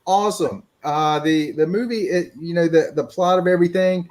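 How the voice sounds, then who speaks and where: A man's voice: high-pitched, moderate pace, few pauses, darkish tone. A man from Virginia, a guest reviewer on a video call, giving an enthusiastic and jokey take on a movie. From Virginia, USA. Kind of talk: casual movie review chat.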